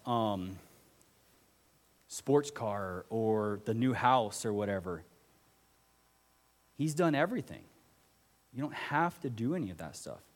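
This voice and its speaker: An earnest man preaches to his congregation at a mid pitch, keeping his tone conversational and turning often to ask the listeners questions. The reverb of the church hall rings behind his words. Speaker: pastor. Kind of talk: sermon.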